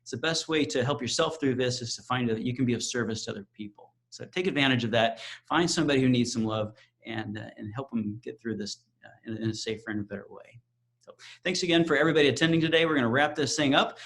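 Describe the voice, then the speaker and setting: A man moderating a webinar over a video call, wrapping up with informal, halting remarks full of fillers and restarts. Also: mid-range voice, creaky, a bit bright, poor audio. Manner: informal, hesitant with fillers and repeated words. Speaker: event moderator.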